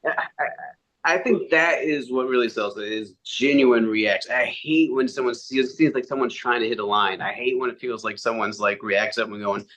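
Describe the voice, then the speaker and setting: A man, a commentator and comedian, telling stories fast in a casual interview, with quick voiced asides. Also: medium pitch, fairly bright tone. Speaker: wrestling commentator and comedian guest.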